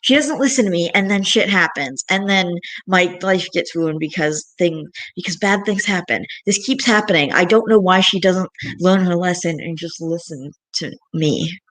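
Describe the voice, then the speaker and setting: A woman's voice: lowish voice, normal speed, hardly any pauses, a bit bright. A young woman vlogging, venting in a rambling, frustrated way with frequent sighs. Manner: frustrated, rambling, sighing often. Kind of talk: casual venting monologue.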